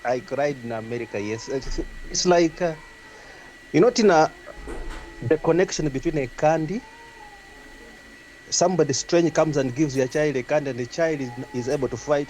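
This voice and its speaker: A man's voice: mid-range voice, normal speed, a little mellow, slight background noise, low-quality recording. A man talking as a guest in a casual discussion, rambling and stumbling as he searches for his words. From Uganda. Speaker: guest speaker.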